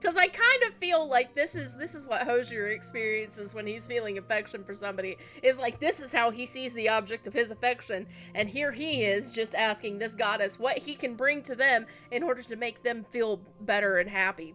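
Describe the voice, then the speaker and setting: A young woman talks through a video game in a chatty, emotional way, leaning on fillers. Her voice sits a little high, with soft game music behind her. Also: moderate pace, hardly any pauses. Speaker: let's play streamer. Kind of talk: casual gameplay commentary.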